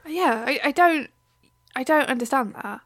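A woman's voice: sits high, expressive, normal speed, a bit bright. A woman co-hosting a podcast in casual chat, ranting animatedly, swearing freely and laughing often. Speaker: podcast co-host.

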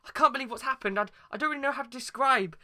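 Very bright, bossy man doing improv. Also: very high-pitched, rapid-fire. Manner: bossy, deadpan straight man steering the bit. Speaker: podcast co-host. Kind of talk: improvised comedy sketch.

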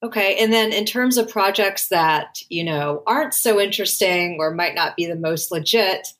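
A woman with a slightly low voice hosts a podcast interview. She talks in a chatty, easygoing way and laughs easily as she tells stories. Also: moderate pace, a bit bright. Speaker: podcast host. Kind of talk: casual interview talk.

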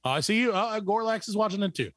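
A man's voice: high voice, expressive, fast, fairly bright tone, no echo. A man hosting a podcast in casual chat, joking and teasing his co-host and laughing often.

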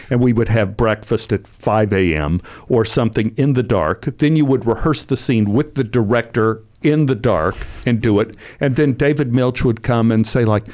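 An older man, an actor guest, telling animated anecdotes and acting out the voices of people he quotes. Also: on the low side. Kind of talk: anecdotal storytelling.

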